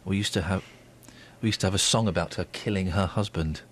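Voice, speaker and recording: A man's voice: low voice, a little fast, a little hiss or hum. A man presenting a radio show, chatting casually and telling jokey anecdotes. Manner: playful, jokey, lively storytelling.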